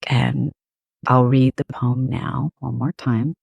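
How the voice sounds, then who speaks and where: A woman psychologist hosting a solo podcast, talking in a gentle, unhurried way with soft fillers. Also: a bass voice, steady tone, vocal fry, slightly rough, no echo.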